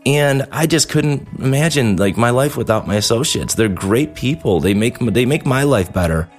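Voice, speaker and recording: A man's voice: mid-range voice, faint music behind. A man in his thirties hosting a show, talking through practical advice in a casual, conversational way and briefly acting out quoted lines. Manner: animated, conversational, acts out quick quoted asides. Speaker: dental practice owner and podcast host.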